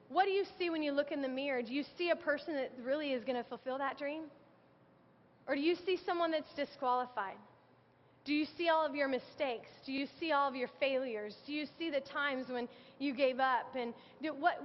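A woman in her thirties preaches with an earnest, conversational warmth, weaving scripture into her own story. Her voice sits high, and it carries through a large church hall with long reverb on a slightly dull recording. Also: slight background noise. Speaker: speaker sharing testimony. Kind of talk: sermon.

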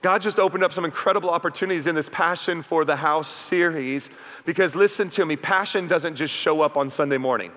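A man's voice: a little high, brisk, a bit bright. A middle-aged male pastor preaching a sermon in a church, chatty and full of call-outs to the congregation. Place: church sanctuary. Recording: reverberant hall.

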